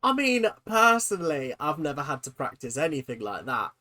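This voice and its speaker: A reaction channel host delivers a comedic video in an incredulous, exaggerated way, swinging from loud outbursts to low mutters while laughing and casually swearing. The voice is sing-song at a normal speed.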